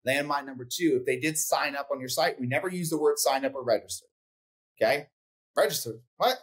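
A man's voice: medium pitch, fairly quick, a bit bright. A man coaching real estate agents in casual podcast talk, blunt and profane, acting out phone calls as he goes.

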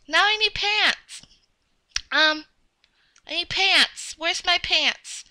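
A woman with a very high, piercingly bright voice, doing a game role-play as a child. She whines and gets excited the way a little kid does, and her delivery is slow and drawn out. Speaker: game video creator.

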